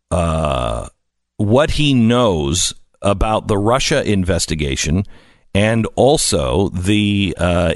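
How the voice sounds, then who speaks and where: A man hosting a talk radio show, speaking in a conversational monologue with frequent "uh" pauses. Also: fairly low pitch, no room sound, clean studio sound.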